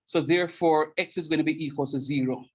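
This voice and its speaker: A middle-aged man lectures on calculus in a fairly high, husky voice. He keeps repeating his main point for emphasis and often stops to ask whether his students can see it. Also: fairly even intonation, fast talker, dull audio. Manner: repeats key points emphatically and checks understanding. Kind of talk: classroom math lecture.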